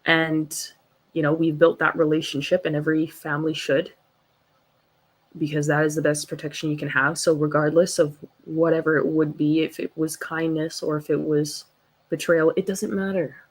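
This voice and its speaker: A young woman hosts a casual livestream, speaking passionately and reading chat comments aloud. Her voice sits low and sounds husky, at a moderate pace. She is emphatic and animated throughout.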